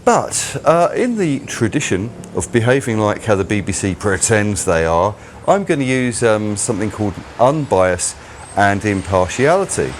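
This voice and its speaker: A man's voice: fairly low pitch, very animated, moderate pace, slight background noise. A man hosting his own channel, delivering a rambling, mocking solo commentary. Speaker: channel host.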